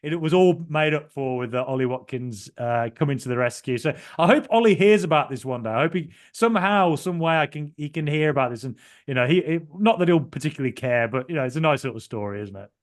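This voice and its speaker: A man's voice: a little high, animated, fast, hardly any pauses. A young man co-hosting a casual podcast, telling a long story in a rambling way with frequent ums and restarts. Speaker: podcast co-host.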